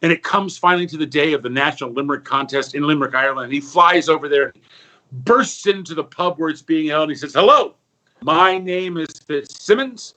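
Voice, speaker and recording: A man telling a long joke and then a rhyming story, animated, with stammers and restarts. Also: fairly high pitch, fast, rough recording. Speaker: comedy performer.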